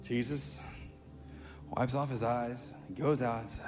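A pastor preaching a sermon in a chatty, conversational way, building to animated emphasis. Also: male voice, medium pitch, unhurried. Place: church sanctuary. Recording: long hall reverb, faint music.

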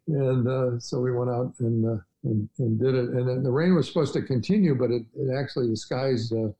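A man's voice: mid-range voice, warm tone, low-quality recording. An older man telling travel stories as a podcast guest, rambling with many fillers and restarts. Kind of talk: casual storytelling interview.

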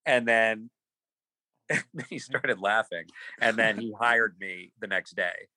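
Man, podcast guest, animated storytelling, forceful tone, dry close sound. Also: on the low side, slow pace, no echo, rough recording. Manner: animated, repeats words, acts out quotes. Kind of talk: casual storytelling.

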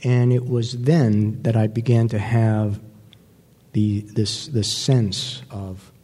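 A man giving a personal recovery testimony to an audience, speaking reflectively and pausing often with fillers. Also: lowish voice, little pitch movement, dark tone, slightly rough. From New York. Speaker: speaker sharing his recovery story. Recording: long hall reverb.

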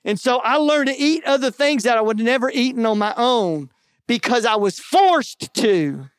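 A man's voice: very high voice, animated, moderate pace, clear, resonant tone, no room sound, studio quality. A man preaching a sermon in a folksy, conversational way, often tossing in "man" and "right?". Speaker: pastor.

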